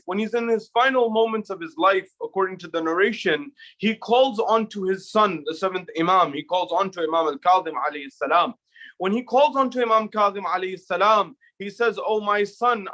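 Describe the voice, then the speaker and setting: A man giving a measured sermon, opening with Arabic recitation and posing rhetorical questions to the audience. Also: high voice, a bit bright, lo-fi sound. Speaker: speaker at an Islamic center.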